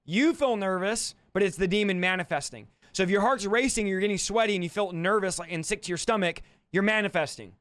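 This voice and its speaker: High, clear-voiced man preaching emphatically. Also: fairly quick, hardly any pauses, fairly bright tone, no room sound. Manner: emphatic, rising in pitch and force on key points; talks to the audience directly, checking they follow. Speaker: deliverance preacher. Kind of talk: livestreamed sermon teaching.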